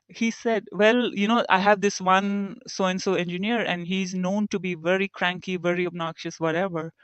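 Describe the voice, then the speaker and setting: A woman's voice: on the low side, dry recording, muffled recording. A woman engineer, a podcast guest, talking reflectively and acting out the remarks of people she quotes. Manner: reflective, tells stories and acts out quoted remarks. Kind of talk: conversational interview.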